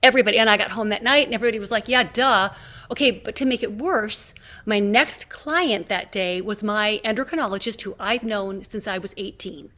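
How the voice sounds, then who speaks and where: A woman's voice: mid-range voice, a little fast. A woman in her fifties hosting a podcast, telling an anecdote animatedly and acting out the other people in it. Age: 50s. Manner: animated storyteller acting out quoted dialogue. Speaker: podcast host. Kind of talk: casual conversation, storytelling.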